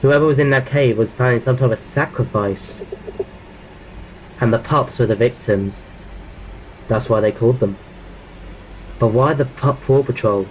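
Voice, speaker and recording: A man of ordinary pitch narrates a horror story in the first person. He reads plainly, tripping over words and repeating phrases as he goes. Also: measured pace, long pauses, slight background noise, low-quality recording. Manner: plain reading with frequent restarts.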